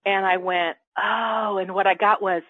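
A woman telling a personal story in casual spiritual chat, acting out her inner dialogue with animated quoted voices. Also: mid-range voice, unhurried, dry recording. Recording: dry, tinny phone-like line.

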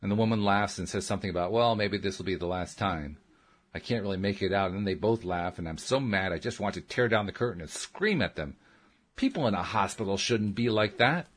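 A man's voice: on the low side, animated, quick pace, slightly rough. A man reading a first-person story aloud as an audiobook narrator, in a plain, earnest storytelling manner.

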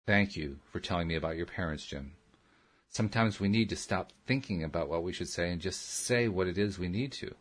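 A man voicing a calm, patient female counselor who gives slow, soothing instructions in an audiobook. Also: low-pitched. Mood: gentle. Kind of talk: audiobook character reading.

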